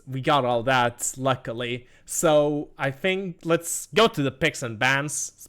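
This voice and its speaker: A man's voice: a little high, fairly bright tone, clear, resonant tone. Man casting a tournament recap. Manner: explanatory, self-deprecating jokes. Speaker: esports caster. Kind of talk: tournament commentary.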